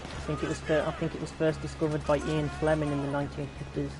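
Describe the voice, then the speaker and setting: A man's voice: on the high side, monotone, quick pace. A young British man chatting casually while playing, rambling and answering his chat. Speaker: gaming YouTuber. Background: game music and gunfire.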